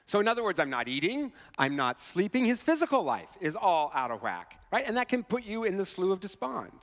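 A man preaching a conversational sermon as a pastor, often checking in with a quick "right?" as he talks. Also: high voice, big pitch swings, a bit bright, big-room sound. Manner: conversational, keeps asking "right?".

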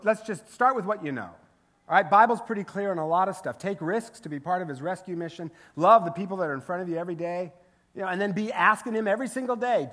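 A male pastor giving a sermon in a relaxed, chatty way, tossing in jokes and quick rhetorical questions. His voice sits a bit higher than most men's. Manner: conversational, humorous, rhetorical asides.

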